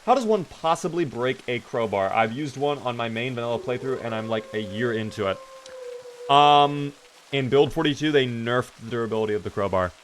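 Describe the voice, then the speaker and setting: Animated young man streaming a game. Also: mid-range voice, normal speed, a little hiss or hum. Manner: animated, exasperated outbursts at his character. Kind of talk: casual live-stream commentary.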